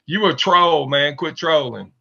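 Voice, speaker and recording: A man hosting a stream, loudly taunting and trash-talking a guest. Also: fairly high pitch, unhurried, creaky, dry recording. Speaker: stream host. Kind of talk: loud mocking stream banter. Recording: dull lo-fi stream audio.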